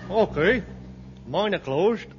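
A giddy, silly fool giggles and squeals, his high voice swooping around as he takes his time. It is 1950s radio comedy with heavy hiss and a dull, lo-fi sound. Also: lively intonation, takes it slowly, in a large hall, heavily acted. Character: silly giggling excitable man. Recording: hissy lo-fi old radio broadcast.

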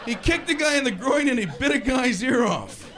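Animated male stand-up comedian, live crowd. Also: extremely high pitch, moderate pace. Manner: animated, bouncing into impressions and asides. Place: comedy stage before a live audience. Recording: live club recording with crowd and hiss.

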